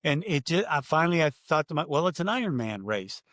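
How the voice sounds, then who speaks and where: An older man with a fairly high voice tells his story in an interview, bursting into loud announcer calls as he acts them out. The sound is close and dry, with no room around it. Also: big pitch swings, brisk, no echo. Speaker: race announcer guest.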